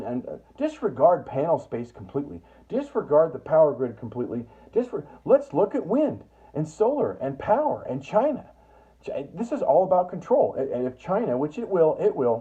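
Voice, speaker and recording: A man's voice: medium pitch, mellow, husky. A man delivering a profane, heated political rant full of stammering restarts. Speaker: political commentator. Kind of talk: ranting monologue. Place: US Northwest. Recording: tinny phone-like sound.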